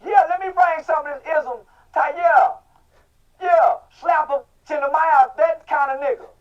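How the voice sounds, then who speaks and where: A middle-aged man from Texas, talking loudly in a casual interview and breaking into shouts. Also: extremely high pitch, fairly even intonation, normal speed. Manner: loud, profane, bursts into shouting. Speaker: guest. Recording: muffled audio from a distant mic.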